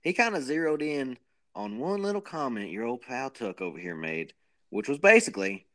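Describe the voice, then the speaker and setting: A man's voice: mid-range voice, very animated, moderate pace, sharp tone. A man co-hosting a podcast, rambling and joking in a self-mocking way. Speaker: podcast co-host. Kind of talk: casual chat.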